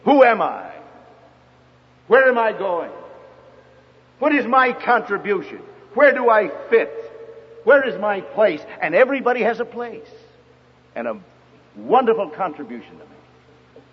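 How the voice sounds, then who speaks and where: An older man preaching a sermon, emphatic and telling stories with quoted dialogue, in a husky voice. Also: high voice, sing-song, a little slow, long pauses. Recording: dull lo-fi recording with long hall reverb.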